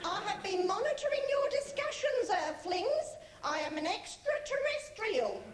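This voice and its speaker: A woman's voice: extremely high pitch, sing-song, noisy background, exaggerated voice. A woman playing a brash, bossy all-powerful alien in a comedy sketch, rude and mocking. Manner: rude, mocking, slow and loud. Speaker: comic actor in a sketch. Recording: echoey studio, loud audience laughter.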